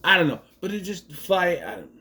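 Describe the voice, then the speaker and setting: A man's voice: sits high, big pitch swings, a little fast, pushed and bright. A man giving a casual, rambling movie review, sarcastic and swearing often.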